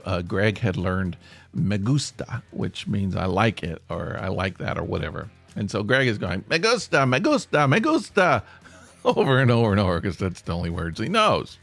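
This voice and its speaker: A man hosting a podcast, telling a funny story in an animated, self-deprecating way and laughing mid-sentence. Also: lowish voice, dry recording. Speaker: podcast host. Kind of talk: comic storytelling.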